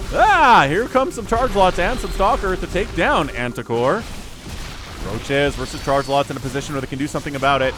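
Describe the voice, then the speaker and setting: A man casting a strategy game match, jokey and excitable, reading viewers' chat aloud as he goes. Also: a little high. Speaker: game caster. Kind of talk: lively esports commentary.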